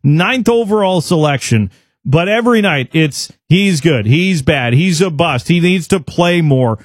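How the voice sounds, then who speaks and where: A man's voice: fairly high pitch, animated, unhurried, no echo, clean studio sound. A man hosting a sports radio show, asking questions with hesitant fillers. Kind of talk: radio interview.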